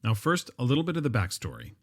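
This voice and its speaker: A man's voice: medium pitch, huge pitch swings, quick pace. A middle-aged man hosting a podcast, talking conversationally in a solo monologue with frequent ums and uhs. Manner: conversational, with frequent fillers and restarts. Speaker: podcast host.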